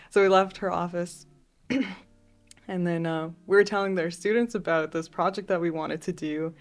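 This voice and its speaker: A young woman artist, a podcast guest, telling stories in a chatty, relaxed way with many fillers. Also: on the low side, normal speed. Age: young adult. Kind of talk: casual interview storytelling.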